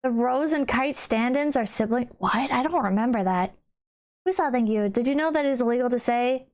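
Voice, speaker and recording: Blunt, wry woman streamer, voice on the high side. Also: brisk, a little mellow. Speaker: streamer reading chat. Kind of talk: casual livestream chat.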